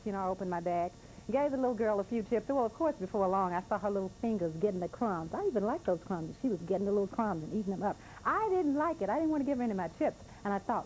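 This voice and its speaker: A woman speaker reading her own poetry and telling a story to an audience in an earnest, emotional way, drawing out lines slowly. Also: mid-range voice, lively intonation, darkish tone, slight background noise, rough recording. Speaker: poet and speaker.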